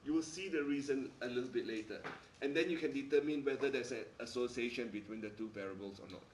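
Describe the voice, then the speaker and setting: A man's voice: mid-range voice, fast, slight background noise. A man teaching a maths class, speaking emphatically and checking in with "all right?" again and again. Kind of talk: classroom lecture. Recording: echoey room, mic far off.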